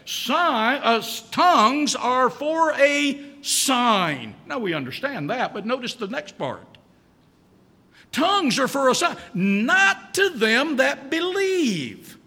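A man's voice: extremely high pitch, big pitch swings, takes it slowly, pushed and bright, long reverb tail. A man preaching a sermon as pastor in a church, emphatic, repeating key lines and asking rhetorical questions.

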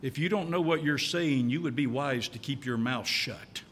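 A man's voice: mid-range voice, moderate pace, fairly bright tone, in a large hall, slight background noise. A man preaching a sermon as pastor in a church, emphatic, repeating key lines and asking rhetorical questions.

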